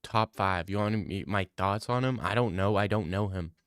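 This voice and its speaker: A man's voice: on the low side, moderate pace, clear, resonant tone, dry recording. Rambling young male streamer, dry mic. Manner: rambling, joking, many restarts. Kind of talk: casual stream chat reading donations.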